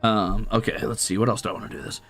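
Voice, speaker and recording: A man's voice: on the low side, fairly even intonation, fast talker, over music. A man streaming while he draws, chatting casually and rambling, muttering to himself and teasing his cat. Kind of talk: casual chat while drawing.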